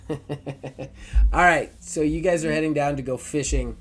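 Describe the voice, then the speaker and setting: A man running a tabletop game as game master, narrating scenes in a jokey, animated way. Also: fairly high pitch, unhurried.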